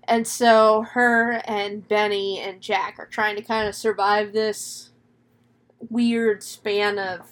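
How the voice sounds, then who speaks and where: A woman with a medium-pitched, level voice speaks slowly. She hosts a casual podcast chat, retelling the plot of a horror film she's reviewing, laughing and swearing along the way.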